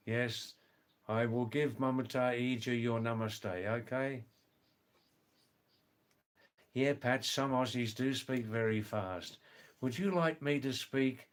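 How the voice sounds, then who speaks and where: A man's voice: mid-range voice, steady tone, a little slow. A man hosting a casual livestream from indoors, chatting with viewers, greeting them by name and often laughing. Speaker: livestream host. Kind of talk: casual livestream chat, reading comments. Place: indoors, during a power cut.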